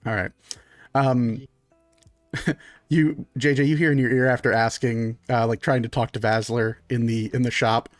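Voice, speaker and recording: A man's voice: mid-range voice, fairly even intonation, unhurried, dry recording, soft background music. A man narrating as game master of a tabletop game, casual and loose, with a lot of likes and uhs.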